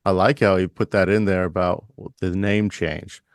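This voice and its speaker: A man co-hosting a podcast, chatting casually and riffing in a deadpan mock-announcer manner. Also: sits low, moderate pace, no echo, studio quality. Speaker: podcast co-host.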